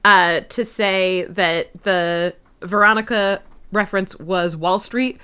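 A woman's voice: medium pitch, steady tone, slow pace, pushed and bright, clean tone. A woman co-hosting a podcast in casual chat, making wry jokes and laughing often. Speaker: podcast co-host.

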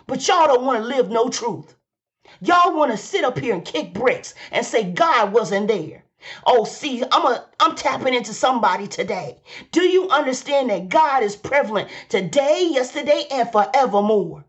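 A woman's voice: on the high side, animated, normal speed. A woman preaching a fervent sermon, repeating lines for emphasis and calling out to her listeners. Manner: exclaims and hums between phrases.

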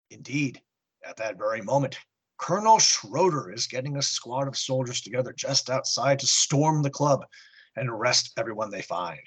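A man's voice: mid-range voice, lively intonation, normal speed, fairly bright tone, husky. A man hosting a podcast, recapping a comic book story with earnest narration and wry asides. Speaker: podcast host.

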